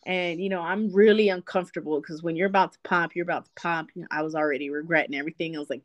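A woman's voice: lowish voice, fairly quick, no echo. A woman guest on a podcast telling stories in casual chat, cursing freely and laughing often.

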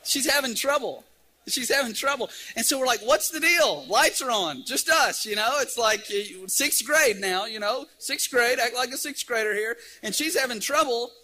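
A middle-aged man preaching a sermon, telling a lively story and acting out the scenes. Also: extremely high pitch, moderate pace. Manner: animated storyteller, acts out scenes.

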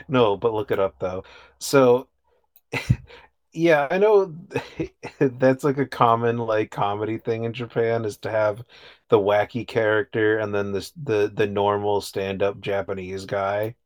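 A relaxed man with a fairly low voice chats as a co-host. He talks in an easygoing way, chuckles often and swears offhandedly. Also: a little slow. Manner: laid-back, chuckling, swears casually. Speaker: podcast co-host. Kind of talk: casual chat.

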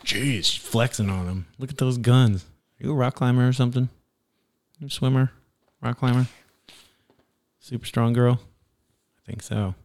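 A young man talking with his small daughter in an easy, everyday chat. His voice sits at an ordinary middle pitch, and he is playful and gently teasing throughout. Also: fairly even intonation, moderate pace, long pauses, slight background noise. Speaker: father.

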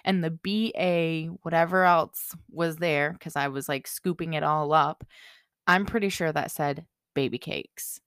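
A woman with a fairly low voice tells a story in loose, chatty podcast talk. She's blunt and swears constantly, leaning on "like" as she goes. The sound is close and dry, with no room echo. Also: a little slow, fairly bright tone, clean tone. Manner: blunt and heavily profane, with lots of "like". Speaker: podcast co-host. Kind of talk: casual storytelling chat.

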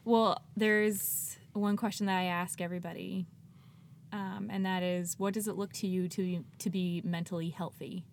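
A woman hosting a casual podcast interview in a small closet, gentle and brief in her prompts. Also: fairly low pitch, little pitch movement, normal speed, gravelly, a little hiss or hum. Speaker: podcast host.

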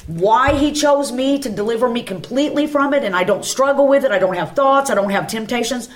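A woman's voice: a little high, fairly quick. A woman, a guest at a church round table, telling an emotional personal testimony and acting out the dialogue in her story.

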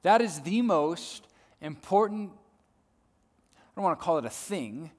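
A man's voice: sits high, lively intonation, slow. Man preaching in a reverberant hall. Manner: swings from loud emphatic to soft hushed; repeats words while building points. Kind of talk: sermon.

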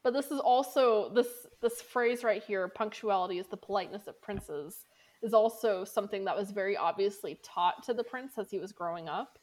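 A woman's voice: mid-range voice, normal speed. Chatty woman podcast co-host. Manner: chatty, laughs often, fillers like "like". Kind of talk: casual chat.

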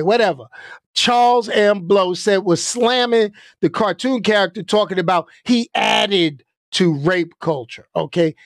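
A man gives animated live-stream commentary at an unhurried, deliberate pace. He punctuates his points with repeated checks like "okay?" and "all right?". The sound is dry and close, with no room reverb. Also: high voice.

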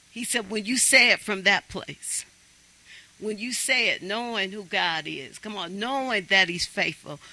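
A man's voice: sits high, sharp tone, rough recording. A man preaching a sermon, emphatic and urging his congregation on.

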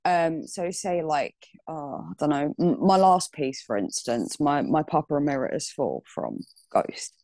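Slow, low-voiced British woman, hesitant. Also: animated, a little mellow, no echo. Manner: hesitant, many ums and restarts. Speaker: guest artist. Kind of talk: casual interview chat.

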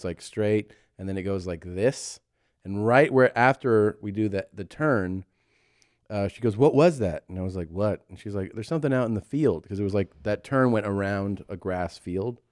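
A low-pitched man in his forties tells a story on a podcast, jumping into high put-on voices for the people in it. The sound is dry and close, with no room around him. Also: dry recording. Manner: animated, acts out voices in stories. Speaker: podcast co-host. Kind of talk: casual comedic storytelling.

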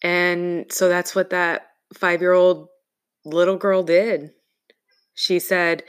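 Slow, earnest woman telling a story. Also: lowish voice, little pitch movement, smooth. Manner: earnest, reflective, halting storytelling. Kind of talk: casual conversation.

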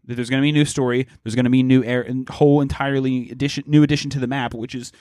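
A man chatting casually on a gaming podcast, animated and profane, acting out what others said in mock voices. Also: medium pitch, racing, no echo, studio quality. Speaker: podcast co-host.

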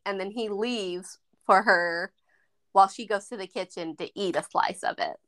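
A woman with a bright, clear voice co-hosts a casual movie podcast. She retells the plot in long stretches and slips into the characters' lines as she goes. Her talk is loose and chatty, full of filler words. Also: mid-range voice, steady tone, moderate pace. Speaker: podcast co-host. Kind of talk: casual movie review chat.

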